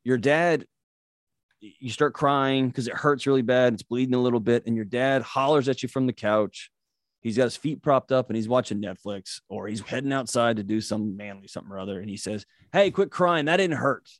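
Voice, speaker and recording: A man explains in an earnest, storytelling way, leaning on vivid everyday examples. His voice is mid-pitched, and the recording is close and dry. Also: fairly even intonation, brisk, no echo. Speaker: guest, mental health expert. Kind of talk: interview answer, explaining.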